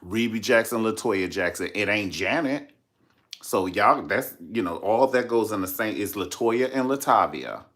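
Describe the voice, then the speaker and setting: A man's voice: fairly low pitch, normal speed, fairly bright tone. A man hosting a casual celebrity gossip vlog, sassy, dramatic and profane, calling his viewers "honey" again and again. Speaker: vlogger host.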